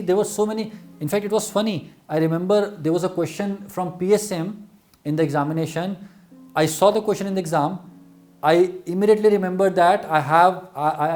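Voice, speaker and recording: A middle-aged medical exam coach with an Indian English accent gives students an earnest motivational talk, repeating words for emphasis. His voice is high-pitched and a little mellow.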